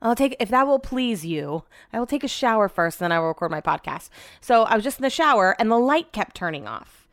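A young adult woman hosts a podcast from an upstairs room at home, rambling through everyday stories and swearing freely. Her voice is a little high and sing-song, fairly quick, with a fairly bright tone.

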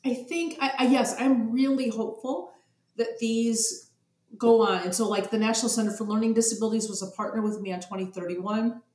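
A woman's voice: on the high side, fairly even intonation, a little fast, a little mellow, reverberant. A woman talking about special education policy in an interview, earnest and emotional, often repeating words as she speaks. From Arizona. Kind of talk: interview conversation.

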